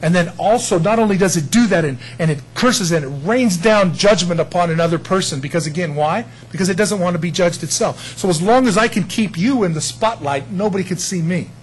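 A man preaching a sermon in a conversational way, with audience asides, swinging between quiet remarks and loud emphasis. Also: high-pitched, brisk, few pauses, husky, poor audio. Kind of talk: sermon teaching.

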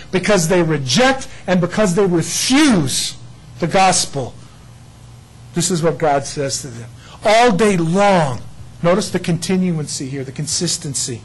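Husky, emphatic preacher man. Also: sits high, rough recording. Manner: emphatic, animated preaching that voices God in asides. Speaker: pastor. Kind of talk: sermon.

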